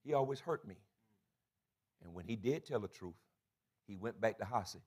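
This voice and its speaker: A man preaching a sermon as bishop of his church, building to shouted climaxes, calling out to the congregation and acting out quoted voices. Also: lowish voice, lively intonation, moderate pace, long pauses. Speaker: bishop and pastor. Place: church sanctuary.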